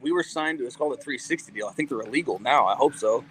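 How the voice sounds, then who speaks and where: A man in a mid-pitched voice spins loose, rambling stories for an interview, swearing freely and packing every sentence with fillers. He slips into quoted dialogue as he goes, with faint background noise behind him. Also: quick pace, a bit bright, rough recording. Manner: rambling, profane, full of "like" fillers. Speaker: guest, cannabis company CEO and musician. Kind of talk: casual interview storytelling.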